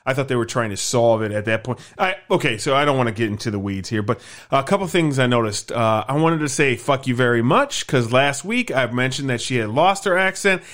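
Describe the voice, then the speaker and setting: A man's voice: mid-range voice, lively intonation, fairly quick, few pauses, fairly bright tone. A man co-hosting a podcast, casually discussing a TV show and often agreeing with his partner. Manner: chatty, lots of agreeing backchannel. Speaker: podcast co-host.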